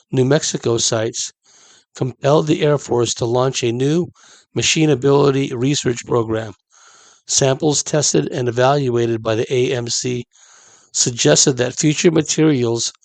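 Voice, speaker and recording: Guy reading out a report slow and steady, throws in chatty asides, gravelly voice, dry sound. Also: medium pitch, dry recording. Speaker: commentator reading a document. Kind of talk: reading aloud with commentary.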